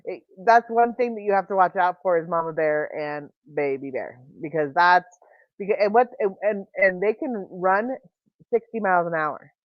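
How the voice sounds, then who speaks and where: A woman hosting a livestream, talking in casual chat and telling rambling, animated stories full of restarts. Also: on the low side, normal speed, no echo, dull audio. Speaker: livestream host.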